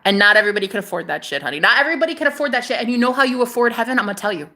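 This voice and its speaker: Rapid-fire and on the high side, a spiritual vlogger's pushed, bright voice carries lively intonation through a casual monologue to camera. She's sassy, swears, calls viewers honey and repeats phrases for emphasis.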